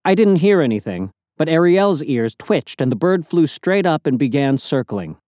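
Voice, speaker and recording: A man narrating an audiobook in a measured storytelling manner. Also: on the high side, sing-song, darkish tone, no room sound, studio quality. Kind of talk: scripted narration.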